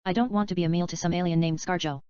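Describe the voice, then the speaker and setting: A woman reading the part of a chatty, dreamy male screenwriter in a plain, even voice. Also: on the low side, rapid-fire, smooth, no room sound, close to an everyday voice. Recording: dull, slightly lo-fi dry recording.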